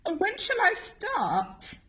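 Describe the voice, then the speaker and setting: A woman's voice: extremely high pitch, wildly swooping pitch, slow pace, sharp tone, echoey room, pitched above the performer's own voice, heavily acted. A woman doing a tiny, stammering troll. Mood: timid. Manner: stammering, small shaky voice. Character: timid stammering male troll. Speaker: teacher reading aloud.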